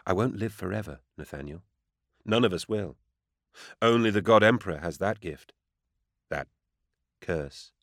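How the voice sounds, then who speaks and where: Man doing a soft-spoken serene woman saint, hushed, solemn, sorrowful, audiobook character, dry close sound. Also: low-pitched, expressive, a little slow, creaky, long pauses, no room sound, heavily acted.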